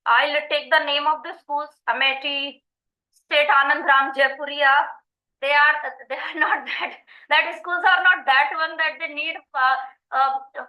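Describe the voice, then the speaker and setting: A high-pitched middle-aged woman with an Indian accent speaks as a school principal at a conference. She talks earnestly but haltingly and often pauses on fillers. The sound is echoey and slightly muffled. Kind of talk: conference panel talk.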